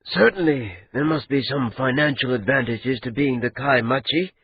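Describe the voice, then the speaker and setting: A man voicing a careful, polite court envoy who speaks in a measured, probing way. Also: medium pitch, phone-quality sound, close to an everyday voice.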